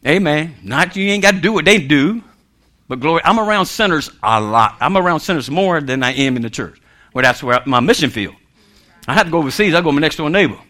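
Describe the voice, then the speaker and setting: Bright, lively-voiced laughing preacher man. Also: on the high side, brisk. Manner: laughs often, acts out voices in his stories; calls out "amen" and "come on". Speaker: minister. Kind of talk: humorous preaching.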